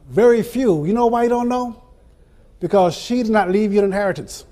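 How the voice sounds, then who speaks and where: High-voiced older man giving a motivational speech. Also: mellow. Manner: rhythmic repetition and dramatic pauses; laughs through his stories. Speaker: motivational speaker. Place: event venue before an audience.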